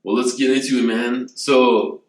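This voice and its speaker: A man's voice: mid-range voice, fairly even intonation, unhurried. Joking man hosting a podcast, echoey room. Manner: loose and jokey, laughs often. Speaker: podcast host. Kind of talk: casual podcast chat.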